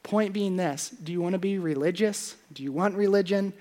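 A man preaching a sermon as pastor, confessional, going from hushed prayer to loud, playful asides. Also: high voice, moderate pace.

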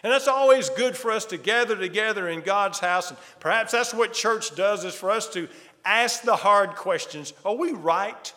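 A man's voice: fairly high pitch, pushed and bright, long reverb tail. A male pastor preaching a sermon, building emphasis through repeated rhetorical questions.

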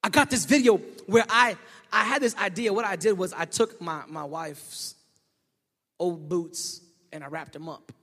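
A male pastor preaching a sermon, telling a story and swinging from shouting to hushed tones. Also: high voice, measured pace. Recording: echoey hall.

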